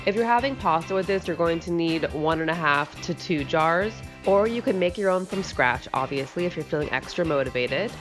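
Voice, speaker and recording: Upbeat, lower-voiced woman cooking host. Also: lively intonation, fairly quick, few pauses, over music. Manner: chatty and upbeat, with casual fillers. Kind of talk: casual cooking chat and recipe voice-over.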